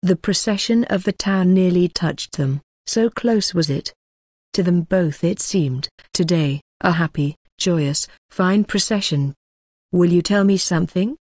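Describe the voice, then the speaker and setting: A woman narrating a novel in a measured, lyrical reading. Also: fairly low pitch, darkish tone, slightly rough, dry recording, clean studio sound. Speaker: audiobook narrator. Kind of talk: scripted narration.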